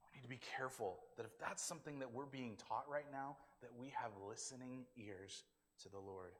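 A man's voice: medium pitch, fairly bright tone. Man preaching in a reverberant hall. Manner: conversational preaching, acts out quotes. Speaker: pastor. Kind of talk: sermon.

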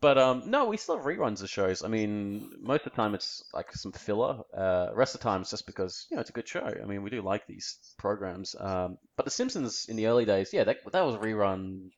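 Low-voiced Australian man, lo-fi sound. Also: sing-song, brisk, hardly any pauses. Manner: rambling and easygoing, searching for words. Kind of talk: casual chat.

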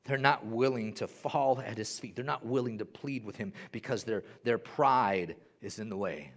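A young man preaching a sermon as pastor, swinging between loud, high-pitched bursts and hushed, low passages. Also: normal speed.

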